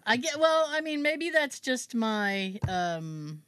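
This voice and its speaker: A woman co-hosting a casual podcast, with a higher voice that swoops widely as she talks. She is playful and sarcastic and laughs often. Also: very animated, slow, a bit bright, dry recording, clean studio sound. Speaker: podcast co-host. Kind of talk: casual chat. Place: basement.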